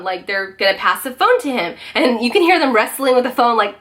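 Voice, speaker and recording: A woman in her thirties telling a personal story in a casual vlog, animated and emphatic, with lots of fillers and some swearing. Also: on the high side, fairly quick, few pauses. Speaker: vlogger.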